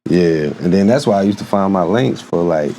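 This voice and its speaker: A man's voice: low voice, lively intonation, brisk, noisy background. A man hosting a casual podcast, laid-back and slangy, steering the talk between segments. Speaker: podcast host. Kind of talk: casual chat.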